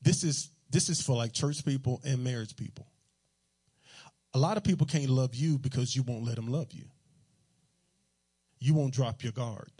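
A man's voice: mid-range voice, normal speed, long pauses, warm tone, slightly rough. A man preaching a sermon in a loose, conversational, joking way, full of everyday slang.

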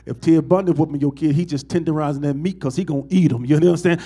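A man's voice: on the high side, quick pace, dark tone, breathy edge. A man, a pastor, preaching a sermon to his congregation and asking them call-and-response questions.

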